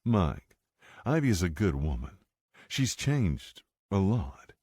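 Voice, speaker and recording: A man voicing a nervous, pompous rich husband who keeps trying to smooth things over, in an audiobook. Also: low-pitched, big pitch swings, takes it slowly, dark tone, dry recording, clean studio sound, pitched above the performer's own voice, exaggerated voice. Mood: nervous placating. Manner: placating, flustered.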